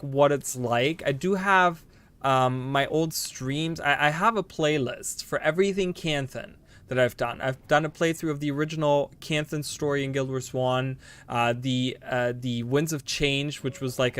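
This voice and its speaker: A man livestreams a game, rambling to his viewers in a smooth, mid-range voice with a fairly bright tone. His casual commentary breaks into delighted exclamations and offhand swearing.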